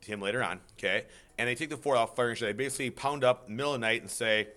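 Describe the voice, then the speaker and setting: A man teaching a casual, chatty history lesson, talking over slides and breaking into loud mock quotes. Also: mid-range voice, quick pace.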